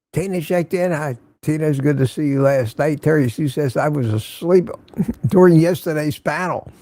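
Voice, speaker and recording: An older man chats through a casual morning live stream, greeting viewers one by one and laughing easily. His voice is mellow and slightly high, recorded close and dry. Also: no room sound. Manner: chatty, greets viewers by name, laughs often.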